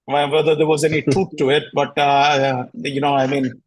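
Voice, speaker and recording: Husky, combative man ranting on a show. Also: on the high side, flat delivery, moderate pace, rough recording. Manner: combative, sarcastic, repeats himself. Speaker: cricket show host. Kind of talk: heated casual rant.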